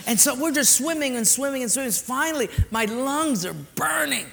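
A man's voice: very high voice, animated, moderate pace, gravelly, pushed and bright. A man preaching a sermon as a pastor, telling a story animatedly and acting out the dialogue. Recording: reverberant hall, faint ambience.

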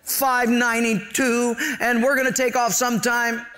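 A man's voice: flat delivery, moderate pace, sharp tone. A man playing a confused, rambling airline pilot making a cabin announcement. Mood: befuddled. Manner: rambling, lost, rising pitch.

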